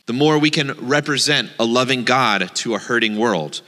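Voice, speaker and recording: Rabbi guy preaching, bright voice, animated storyteller, echoey. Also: medium pitch, moderate pace. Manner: animated storyteller, shifts between playful and earnest. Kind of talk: storytelling in a sermon.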